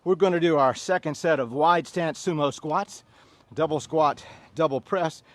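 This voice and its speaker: A man's voice: a little high, normal speed, dry recording. Fifties man barking workout counts. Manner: joking, counting reps in loud bursts. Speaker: fitness instructor. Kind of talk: leading a workout class.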